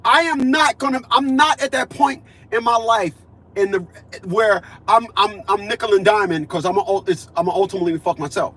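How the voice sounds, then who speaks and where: A vlogger in his fifties speaks at a moderate pace in a husky voice that sits high with a fairly bright tone. Across his casual monologue he's emphatic and repetitive, playing out conversations he had.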